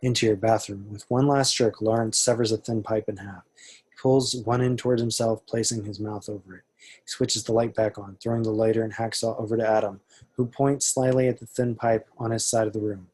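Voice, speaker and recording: A man reading the stage directions at an amateur table read, steady and matter-of-fact. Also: lowish voice, brisk.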